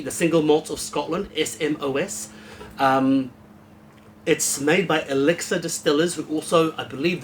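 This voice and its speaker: A man's voice: on the high side, a little hiss or hum. Blunt, rambling man reviewing whisky. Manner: rambling, blunt, swears freely. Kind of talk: casual unscripted review.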